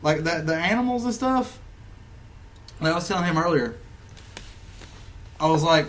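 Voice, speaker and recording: A man's voice: a little high, expressive, normal speed, fairly bright tone, a little hiss or hum. A man in a casual gaming chat, rambling through his stories with lots of fillers and jokes at his own expense. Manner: self-mocking, rambling storyteller with many fillers. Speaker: co-host.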